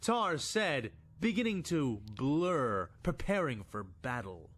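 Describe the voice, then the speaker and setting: Slow, expressive male storyteller. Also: a little high. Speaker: narrator. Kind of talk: scripted narration of fan fiction.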